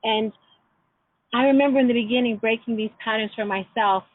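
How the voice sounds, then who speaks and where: A middle-aged woman leading an online class, telling personal stories in a gentle, reflective way. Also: on the high side, fairly quick. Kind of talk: teleclass lesson with personal stories. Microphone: phone or computer call. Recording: tinny phone line.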